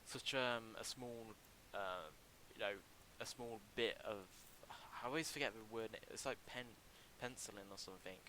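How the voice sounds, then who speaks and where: A young man chats through a livestream as he works on a game level, his fairly low voice carrying a bright, forceful edge. He talks in a halting way, full of ums and restarts, close to a desk mic with a faint hiss behind. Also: poor audio. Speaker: livestreamer building a game mod. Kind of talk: casual livestream commentary.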